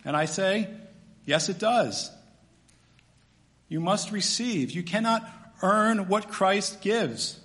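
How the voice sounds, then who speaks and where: Male pastor, high voice, animated sermon delivery, long church-hall reverb. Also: takes it slowly, pauses often. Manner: animated, swings from loud emphatic to quiet and soft.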